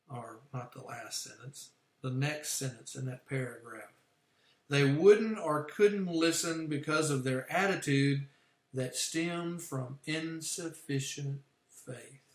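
Guy explaining bible verses on a stream, slightly high voice, roomy echo. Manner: explanatory, unpacks word meanings slowly. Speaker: Bible teacher. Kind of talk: livestreamed Bible study. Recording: echoey room.

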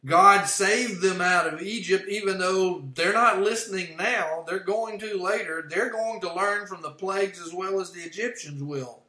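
A man's voice: sits high, moderate pace, few pauses, bright, forceful tone. A man leading a livestreamed Bible study, explaining word meanings step by step. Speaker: Bible teacher. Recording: echoey room.

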